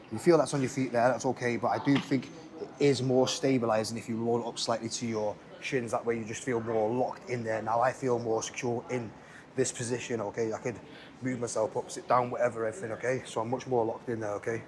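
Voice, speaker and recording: A man's voice: mid-range voice, little pitch movement, fast talker, background noise. A man coaching a gym workout in a casual, chatty way, often checking in with the viewer. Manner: chatty, coaching, keeps checking in with "okay, lads?". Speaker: fitness instructor. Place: indoor gym.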